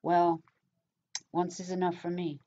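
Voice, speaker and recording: Chatty English woman, low voice. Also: little pitch movement, a little slow, dark tone. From England. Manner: rambling, chatty, many fillers. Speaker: vlogger. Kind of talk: casual chat to camera. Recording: dull lo-fi sound.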